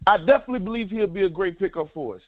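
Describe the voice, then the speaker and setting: High-voiced male caller on a phone line. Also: lively intonation, rapid-fire. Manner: eager, insistent questions. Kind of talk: fan call-in.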